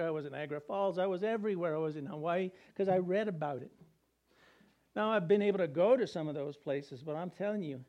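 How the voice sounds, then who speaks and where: High-voiced man preaching conversationally. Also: a little mellow. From New Mexico. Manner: conversational preaching with emphatic repetition. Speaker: pastor. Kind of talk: sermon.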